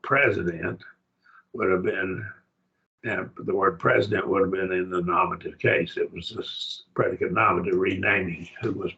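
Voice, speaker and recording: A man's voice: sits low, creaky, pushed and bright, muffled recording. An older man teaching a Greek grammar lesson, patient, checking that his student follows. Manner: patient, explains step by step, checks understanding.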